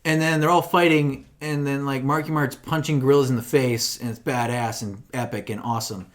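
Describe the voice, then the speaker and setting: A man co-hosting a podcast, retelling a film plot in casual chat, acting out the characters in quick voices and swearing freely. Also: mid-range voice, fairly even intonation. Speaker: podcast co-host.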